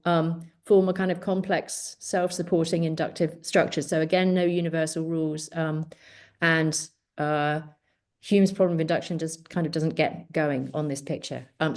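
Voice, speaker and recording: A woman introduces speakers at an online academic workshop, talking over a video call. Her voice sits fairly low for a woman. She chats loosely, fills pauses with "uh" and "um", and slips in dry jokes. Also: darkish tone. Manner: chatty, many fillers, dry humor. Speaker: workshop host. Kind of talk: casual online talk.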